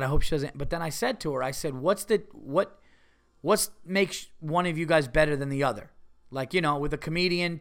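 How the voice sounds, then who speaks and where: Chatty man with a higher voice. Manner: animated, rambling with many fillers and restarts. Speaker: podcast host and comedian. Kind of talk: casual storytelling monologue.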